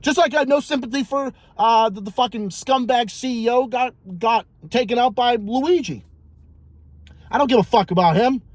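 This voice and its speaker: A fairly high-pitched man tears through a heated, profane monologue, circling back to the same lines again and again for emphasis. His voice sounds dry and close, with no room around it. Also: normal speed, dry recording. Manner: heated, profane, repetitive ranting. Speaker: vlogger. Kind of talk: ranting monologue.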